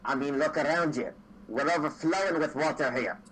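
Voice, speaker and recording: A man's voice: on the high side, moderate pace, a bit bright, slight background noise, close to an everyday voice, poor audio. A man voicing a friendly, chatty male dwarf bartender who calls people laddie and lassie.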